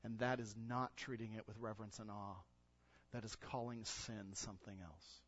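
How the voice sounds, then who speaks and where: A man pastor preaching a sermon to his church in an earnest voice that rises to loud exhortation. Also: lowish voice, steady tone, normal speed. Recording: dull lo-fi sound.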